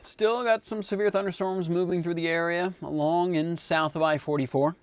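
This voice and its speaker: A man's voice: on the high side, fairly even intonation, normal speed, a little hiss or hum. A man hosting live severe weather coverage on the radio, chatting casually as he tracks storms and eats. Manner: casual, chatty, talks with mouth full. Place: radio studio.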